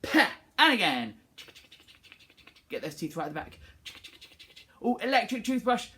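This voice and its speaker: A woman music teacher leading a singing assembly for young children, cheerful and encouraging as she calls out warm-ups for them to copy. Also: medium pitch, sing-song, unhurried, slight background noise.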